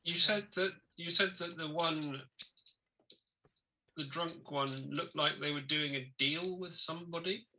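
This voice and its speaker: A man playing a tabletop game, brisk and questioning. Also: a little high, sharp tone. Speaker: player. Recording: noisy call line.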